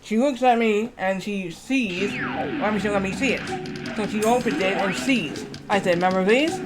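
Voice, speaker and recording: A man's voice: high-pitched, moderate pace, faint music behind. A man streaming a game who tells a long, rambling story and keeps repeating "I said" and "she said".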